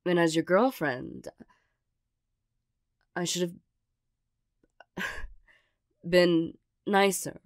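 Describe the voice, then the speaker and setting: Woman voicing a flustered young girlfriend who talks tough but loves deeply, hesitant and a little low, for a slow whispered role-play. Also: no echo, clean studio sound. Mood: apologetic. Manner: hesitant and stammering, with nervous little laughs. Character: awkward tsundere young girlfriend, gruff but loving. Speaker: ASMR role-play performer.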